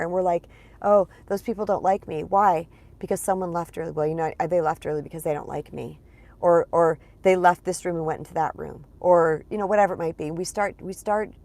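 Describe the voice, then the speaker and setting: A middle-aged woman teaches on a casual live stream, a touch congested. Her voice sits on the low side, and she chats easily, addressing her viewers directly as a spiritual coach. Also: darkish tone. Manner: chatty, addresses viewers as "you guys".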